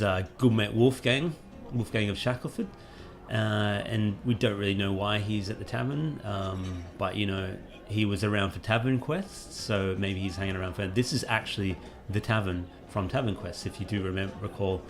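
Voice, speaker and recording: A man, a game developer giving rambling, relaxed gameplay commentary with plenty of fillers. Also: lowish voice, normal speed, faint music behind.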